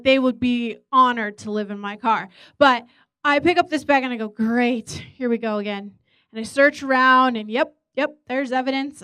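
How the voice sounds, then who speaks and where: High-voiced woman telling a sermon story. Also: fairly bright tone, no room sound. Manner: chatty, self-mocking storytelling. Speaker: preacher.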